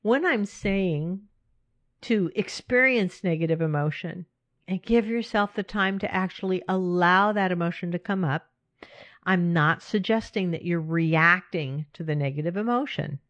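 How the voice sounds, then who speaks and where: A woman's voice: lowish voice, a little slow, a bit bright, no echo. A middle-aged woman hosting a casual self-help talk, speaking candidly and with animation, often laughing and addressing her listeners directly. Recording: dry, slightly muffled recording.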